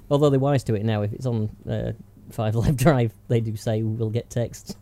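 A man's voice: mid-range voice, fairly even intonation, measured pace, gravelly, warm tone. A man co-hosting a podcast, ranting casually, laughing and swearing. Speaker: podcast co-host. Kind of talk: casual chat.

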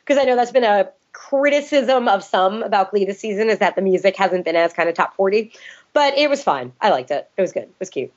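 A woman's voice: mid-range voice, animated, a little fast. A woman co-hosting a casual chat, rambling and hedging with lots of "I don't know"s. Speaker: podcast co-host. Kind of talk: casual chat reviewing TV episodes. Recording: dull lo-fi podcast recording.

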